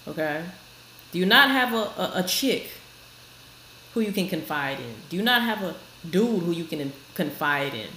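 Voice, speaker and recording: A woman hosts a reaction video, offering frank, chatty commentary directly to her viewers. Her voice is lowish, bright, and forceful, recorded in an echoey room with faint noise.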